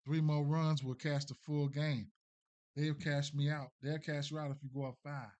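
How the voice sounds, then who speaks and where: A man's voice: fairly high pitch, flat delivery, moderate pace, a little mellow. A man streaming sports betting picks, thinking aloud in a casual, mumbling way with many fillers and restarts. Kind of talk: casual live-stream commentary.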